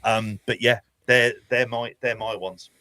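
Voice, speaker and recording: A man's voice: medium pitch, fairly even intonation, a little slow, sharp tone, dry recording. A man from Ireland co-hosting a podcast, chatting casually in a blunt, sweary way with laughing asides. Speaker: podcast co-host. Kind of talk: casual chat.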